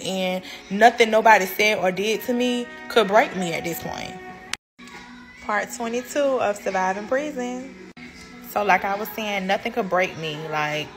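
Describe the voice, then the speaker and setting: A young woman tells her own story in casual, conversational speech. Her pitch sits in the middle range, and she keeps turning to her viewers as "y'all". Faint music plays quietly under her voice.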